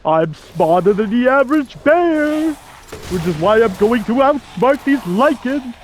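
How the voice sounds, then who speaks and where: A man's voice: extremely high pitch, animated, a little slow, a little hiss or hum, pitched above the performer's own voice. A man putting on a cartoon bear voice, bragging in a gangster style about carrying guns. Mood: swaggering. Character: boastful male cartoon bear talking tough about guns. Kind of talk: comic voice impression during gameplay.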